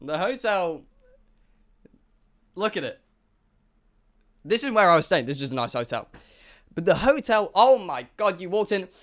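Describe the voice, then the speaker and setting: A young man, a streamer telling an animated, sweary storytime to his chat and acting out the dialogue. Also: high-pitched, moderate pace, long pauses. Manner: excitable, swearing, acts out dialogue.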